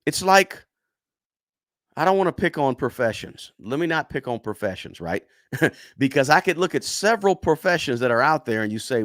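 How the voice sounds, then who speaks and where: Emphatic man with lively, dry voice. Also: fairly high pitch, normal speed, no room sound. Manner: emphatic, repeats words for stress, frequent "right?". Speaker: personal finance YouTuber. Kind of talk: casual talk to camera.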